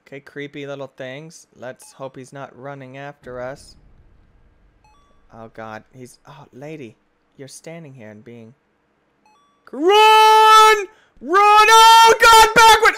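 A man giving excitable, goofy let's-play game commentary, often yelling and shrieking. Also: mid-range voice, a little slow. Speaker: gaming YouTuber.

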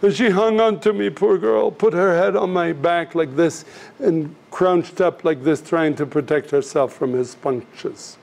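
Slightly high and a touch slow, this male voice carries vocal fry and a mildly mellow quality. He teaches missions, speaking to his class in an earnest, direct way while narrating stories and impersonating the people in them.

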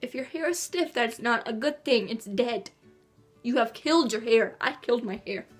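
A woman's voice: fairly high pitch, expressive, normal speed, soft background music. A teenage girl chatting to camera in her bedroom, rambling and bubbly. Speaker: vlogger. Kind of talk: casual chat to camera. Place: bedroom at home.

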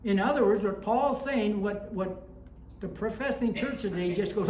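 A woman's voice: mid-range voice, normal speed, a little mellow, a little hiss or hum. Conversational woman preacher in an echoey room. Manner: conversational preaching with anecdotes and rising emphasis. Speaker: pastor. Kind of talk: sermon. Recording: echoey room with faint ambience.

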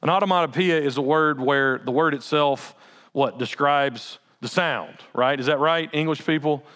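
A male pastor preaching a sermon in an animated, conversational way with laughing asides. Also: on the high side, normal speed.

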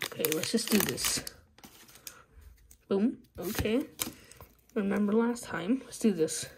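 A woman chatting casually as she opens trading card packs, excitable and pleading with the cards. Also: medium pitch, takes it slowly. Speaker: card-opening vlogger. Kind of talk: casual pack-opening commentary. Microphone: phone. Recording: loud wrapper crinkling and tearing noise. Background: crinkling, tearing foil packs.

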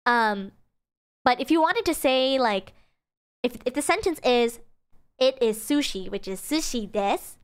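High-voiced chatty woman teaching casually. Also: lively intonation, a little slow, long pauses, smooth. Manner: chatty and giggly, frequent fillers. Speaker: streamer teaching Japanese. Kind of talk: casual livestream lesson.

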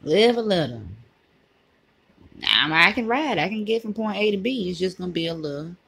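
A woman vlogger from Virginia, USA, films herself on her phone while driving, chatting profanely to herself and to passing drivers. Her mid-range voice is animated, creaky, a bit bright and breathy at normal speed. The dry, low-quality recording carries car engine and road noise from inside the moving car.

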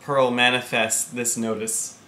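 A man's voice: mid-range voice, flat delivery, a little slow, bright, forceful tone. A man teaching an English literature lesson, explaining the text and reading passages aloud. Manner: explains then reads quoted passages dramatically.

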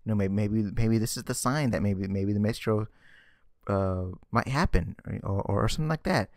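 This is a man's casual vlog, a sarcastic, exasperated rant about comic books in which he often stumbles and repeats words. He speaks on the low side at normal speed, and the studio sound is clean with no echo.

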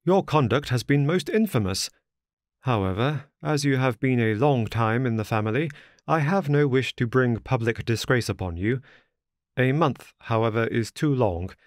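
A man playing a stern country gentleman. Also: medium pitch, animated, normal speed, no room sound, studio quality, natural voice. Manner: stern, clipped. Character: stern gentleman master of the house.

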